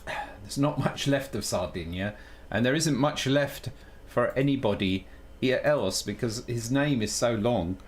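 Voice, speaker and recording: A man's voice: mid-range voice, unhurried. A man chatting casually on a live stream while he programs, thinking aloud, joking at his own expense and switching between English and Italian. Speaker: live streamer coding on air.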